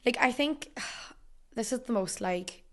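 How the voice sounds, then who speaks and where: A woman's voice: on the high side, animated, slow pace, fairly bright tone. A young Irish woman chatting as a podcast guest, rambling and full of fillers. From Ireland. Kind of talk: casual chat.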